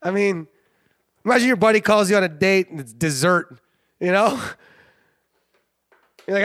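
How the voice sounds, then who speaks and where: A man's voice: high voice, normal speed, long pauses, a bit bright, no room sound, clean studio sound. A man hosting a sports show, rambling and joking in casual commentary, often laughing. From Canada. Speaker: sports podcast host.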